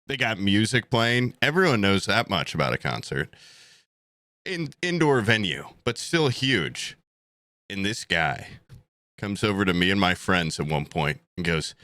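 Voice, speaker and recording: Young male podcast co-host, casual comic storyteller, bright, lively delivery, swears, dry close-mic sound. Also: low voice, measured pace, dry recording. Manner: animated, acts out quotes, swears freely.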